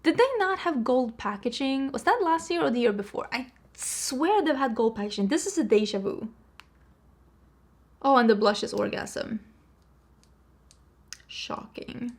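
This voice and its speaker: A woman hosting a beauty channel, talking casually to camera in a chatty, animated way with jokey rants. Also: sits high, moderate pace.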